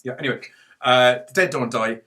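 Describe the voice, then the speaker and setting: A male podcast co-host with a mid-pitched voice, talking loosely in a rambling, jokey way. He drops swear words freely as he chats. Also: brisk, bright, forceful tone. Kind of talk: casual podcast chat.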